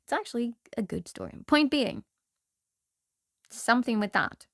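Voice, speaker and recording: A woman's voice: fairly high pitch, expressive, normal speed, no echo, clean studio sound. A woman from Norway, a tarot reader, telling a tale in rambling casual chat, laughing often and breaking off her own sentences.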